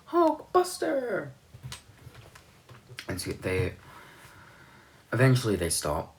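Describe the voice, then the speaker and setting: A young man giving a rambling, offhand recap of a movie's plot, swearing now and then. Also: low-pitched. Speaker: movie reviewer.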